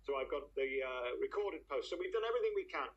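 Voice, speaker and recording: Blunt radio phone-in host. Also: male voice, mid-range voice, lively intonation, fast, muffled recording. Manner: blunt, chatty, with casual swearing.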